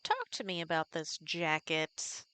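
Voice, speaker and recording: A woman's voice: sits low, wildly swooping pitch, measured pace, bright, forceful tone, clear, resonant tone. A woman live streamer chatting casually with viewers while playing a farming game, thinking aloud and greeting people in the chat.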